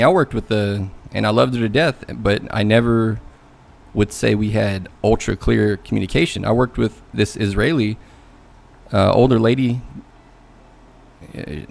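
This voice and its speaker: A man's voice: on the low side, creaky. A man venting casually about a bad job interview, swearing and mocking people as he talks. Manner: venting, mocking voices in quotes, swears, loose and conversational. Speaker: coding learnalong streamer. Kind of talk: casual rant.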